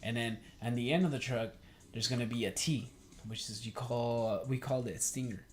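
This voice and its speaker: A man's voice: medium pitch, fairly quick. A young man hosting a podcast, talking casually in a rambling way, with lots of fillers and swearing, and acting out quoted talk in a livelier voice. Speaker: podcast host. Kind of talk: casual chat.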